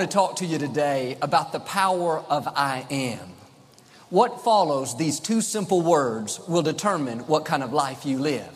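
A man's voice: fairly high pitch, lively intonation, unhurried, in a large hall, slight background noise. A male pastor giving a televised sermon, upbeat and emphatic, with joking asides.

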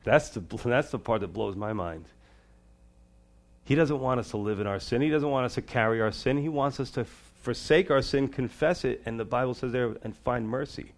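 A man preaching a sermon as pastor, shifting between loud, high emphasis and quiet, low asides. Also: normal speed.

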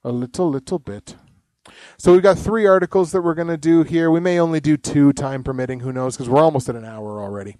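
A man riffs loosely as a podcast host, his voice sitting a little high for a man. He swears freely, rambles from point to point and laughs at his own jokes, and the sound is close and dry. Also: brisk, dark tone, dry recording. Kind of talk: casual profane podcast chat.

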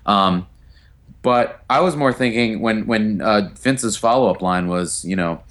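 A man's voice: lowish voice, takes it slowly, faint music behind. A man co-hosting a podcast, chatting casually about a TV show with lots of fillers and restarts. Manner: relaxed, hedging with fillers and restarts. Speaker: podcast co-host. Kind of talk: casual chat.

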